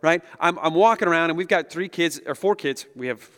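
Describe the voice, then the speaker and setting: A man in his thirties, a pastor giving a conversational, animated sermon and chuckling often as he speaks to the room. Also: a little high, fairly quick, smooth. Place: large hall with an audience. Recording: long echo of a big hall.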